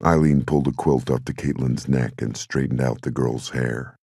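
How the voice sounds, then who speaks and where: A man narrating an audiobook in a steady, measured way. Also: rumbling low, creaky, husky, no room sound, studio quality. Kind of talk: scripted narration.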